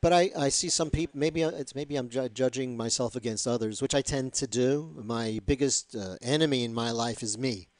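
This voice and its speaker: A man's voice: medium pitch, normal speed, few pauses, dry recording. A man hosting an interview, rambling and self-deprecating, often restarting his sentences. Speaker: host. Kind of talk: casual interview chat.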